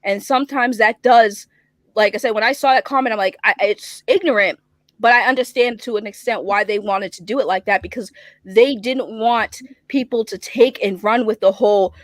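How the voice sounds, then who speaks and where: A woman with a Boston accent, chatting as a guest on a livestream show, fiery and opinionated, talking fast. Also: fairly high pitch, no echo. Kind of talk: casual chat.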